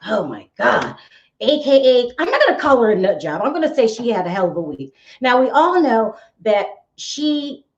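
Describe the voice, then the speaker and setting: A woman hosting a casual gossip show, chatty and full of exclamations, talking straight to her viewers. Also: fairly high pitch. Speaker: YouTube gossip show host. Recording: echoey room, dull sound.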